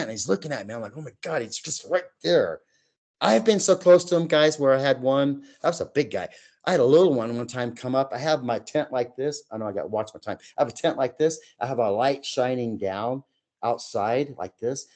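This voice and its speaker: This is a man in his sixties, a guest in a relaxed conversation, telling first-hand stories. He is lively and acts out the voices and noises himself. His voice sits at an ordinary middle pitch for a man. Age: 60s. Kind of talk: storytelling in a casual chat.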